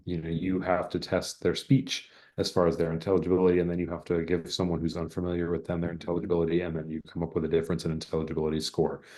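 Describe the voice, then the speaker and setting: A man with a very low, deep voice gives an online lecture over a video call. He explains things conversationally and reads example sentences aloud to show them. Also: a little mellow. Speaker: exam prep presenter.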